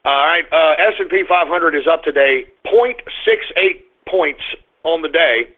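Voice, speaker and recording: Angry high-voiced male radio ranter. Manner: angry, profane ranting with abrupt swings into shouting; blunt market-report delivery with fillers. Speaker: radio show host. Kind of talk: ranting talk radio monologue. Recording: narrow phone-line sound.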